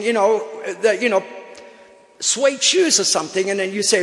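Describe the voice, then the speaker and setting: An older man giving a personal testimony to an audience, with animated storytelling and humorous asides. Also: sits high, moderate pace. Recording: long reverb in a hall.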